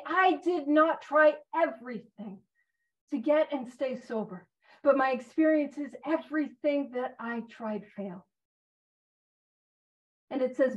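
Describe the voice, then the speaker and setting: A woman leading a recovery Big Book study in a casual, joking, self-deprecating way. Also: sits high. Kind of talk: casual recovery-meeting teaching. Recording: muffled lo-fi recording.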